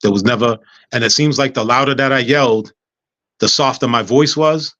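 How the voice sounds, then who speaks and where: A man's voice: medium pitch, normal speed, a bit bright, no room sound. A man who is a guest on a talk show, telling a personal story with humor and acting out the dialogue. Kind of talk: casual storytelling interview. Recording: dull lo-fi sound.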